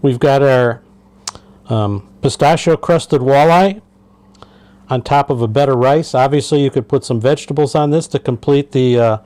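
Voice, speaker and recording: A man's voice: medium pitch, normal speed, a little mellow, slight background noise, low-quality recording. A man walking through a fish recipe in a casual cooking demonstration, talking through each step. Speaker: fishing captain cooking fish.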